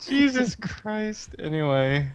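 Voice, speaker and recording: Slow, lively, bright-voiced man. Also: high voice, clean tone. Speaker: player. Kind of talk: casual chat.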